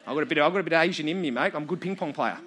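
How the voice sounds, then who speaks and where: A man's voice: fairly high pitch, racing, a bit bright. An Australian man preaching to a live audience, telling a funny childhood story with self-mocking humour.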